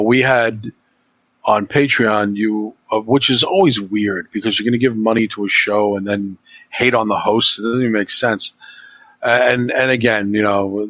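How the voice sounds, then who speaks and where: A man's voice: fairly low pitch, a bit bright, no room sound. Profane ranting man, dry sound. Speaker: podcast host. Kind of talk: casual chat.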